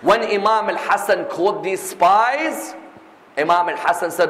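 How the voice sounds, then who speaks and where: A man's voice: high-pitched, animated, a little slow, a bit bright, slight background noise. A man giving a religious lecture, pressing his points with rhetorical questions and emphatic repetition. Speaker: preacher. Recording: echoey hall recording.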